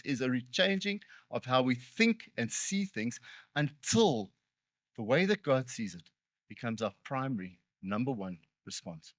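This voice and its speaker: A male pastor preaching in a relaxed, talk-to-the-congregation way, leaning into earnest points and then undercutting himself with a wry joke. His voice sits at an ordinary middle pitch for a man. The sound is dry and close, with little room echo. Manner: conversational, with joking self-deprecating asides. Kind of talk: sermon.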